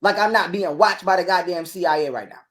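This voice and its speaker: A man, ranting in a heated interview, profane and repetitive, acting out quotes loudly. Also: high voice, fast talker. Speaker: guest telling his side of a breakup.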